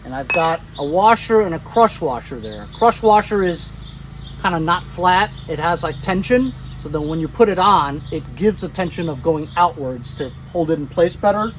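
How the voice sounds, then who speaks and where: A man's voice: on the high side, animated, moderate pace, faint music behind, poor audio. A man vlogging in a casual, rambling way, laughing easily as he talks through his day outdoors. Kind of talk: casual chat.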